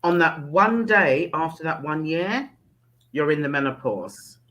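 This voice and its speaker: A woman's voice: low-pitched, animated, measured pace, a bit bright. A woman talking as a guest in a frank, casual chat, laughing often. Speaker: guest, menopause blogger.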